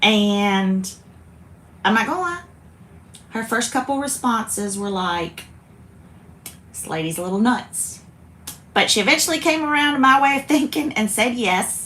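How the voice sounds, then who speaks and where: A woman's voice: fairly high pitch, expressive, moderate pace, fairly bright tone, a little hiss or hum. A woman from South Carolina, hosting a chatty, rambling craft video and often interrupting herself. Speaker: host. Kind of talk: casual chat.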